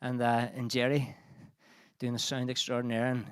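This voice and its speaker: A man's voice: mid-range voice, completely flat delivery, moderate pace, clean tone. A band frontman bantering between songs at a live streamed gig, out of breath, swearing and joking at his own expense. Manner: sweary, self-mocking jokes. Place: live music venue streamed online.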